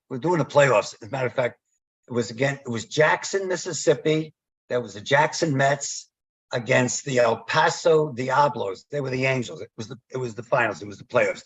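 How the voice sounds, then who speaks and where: A man's voice: mid-range voice, husky. A man, a former umpire, telling stories in a podcast interview and acting out the dialogue. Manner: animated storyteller, acts out quoted dialogue.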